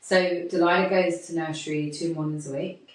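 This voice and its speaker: A woman's voice: on the low side, fairly even intonation, moderate pace. A woman, co-hosting a casual podcast chat as a mother, chatty and joking. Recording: echoey room, mic far off.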